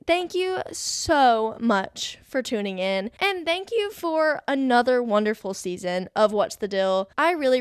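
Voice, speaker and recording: Bubbly young woman, smooth and bright. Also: on the high side, dry recording, studio quality. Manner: bubbly, gushing, says "y'all" and "like" a lot. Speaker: podcast host. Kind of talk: casual solo podcast chat.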